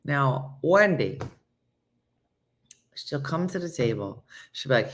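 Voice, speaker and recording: A woman's voice: rumbling low, very animated, takes it slowly, long pauses, noisy background. A woman hosting a live morning show, telling stories in a chatty way, acting out quotes and answering viewers by name. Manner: chatty storytelling, acts out quotes, laughs often. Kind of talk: casual live-stream chat reading comments.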